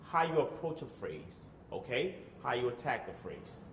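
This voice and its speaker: In an echoey room with long reverb, a male choir director teaches rehearsal in a mid-range, very animated, slightly bright voice at a moderate pace, with a little hiss or hum in the recording. He explains step by step, sings example phrases, and keeps asking "okay?".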